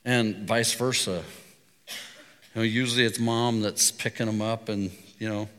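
Delivering a sermon, this middle-aged pastor has a bright, forceful, lowish voice with fairly even intonation at normal speed. His relaxed, conversational storytelling echoes through a church hall's long reverb.

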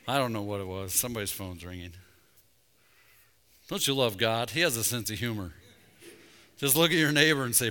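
A man preaching a sermon as pastor, conversational with jokes, rising to loud emphasis at points. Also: mid-range voice, lively intonation, moderate pace, long pauses. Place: church sanctuary. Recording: reverberant church sanctuary.

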